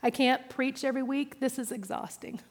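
Woman pastor, lively self-deprecating sermon delivery, reverberant hall sound. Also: sits high, normal speed. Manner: personal and animated, with self-deprecating humor.

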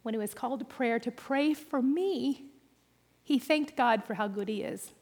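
A woman's voice: a little high, normal speed. Woman pastor preaching in a reverberant hall. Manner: personal and animated, with self-deprecating humor. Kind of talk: sermon.

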